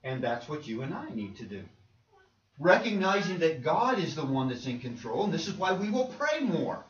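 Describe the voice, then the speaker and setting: Lively high-pitched preacher in a roomy church. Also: male voice, normal speed. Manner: conversational preaching with rhetorical questions. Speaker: pastor. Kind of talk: sermon. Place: church sanctuary. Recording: roomy, distant, dull church recording.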